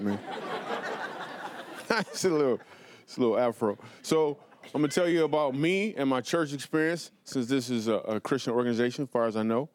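A man doing stand-up comedy storytelling in a TV studio, animated and playful, with quick asides to the audience. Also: medium pitch. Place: television studio before a live audience.

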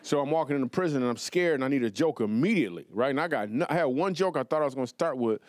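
A man doing stand-up comedy storytelling in a TV studio, animated and playful, with quick asides to the audience. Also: medium pitch, dry recording. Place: television studio before a live audience.

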